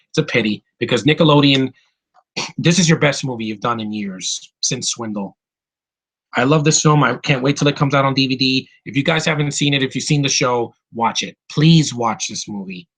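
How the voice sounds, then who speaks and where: Husky-voiced man ranting about movies. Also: mid-range voice, low-quality recording. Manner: excitable, swears freely, restarts sentences. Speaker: movie reviewer. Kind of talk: casual film review rant.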